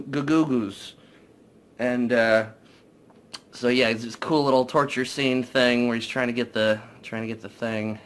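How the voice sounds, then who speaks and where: A young man casually recapping a movie, swearing a lot, excitable and full of fillers. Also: mid-range voice. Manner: profane, excitable, many fillers. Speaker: movie reviewer.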